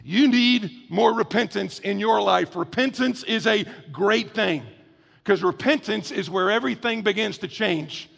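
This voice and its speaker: A man's voice: high-pitched, a little slow, vocal fry, a bit bright, big-room sound. A man preaching a sermon as pastor, in a conversational, emphatic way, stretching out key words. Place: church.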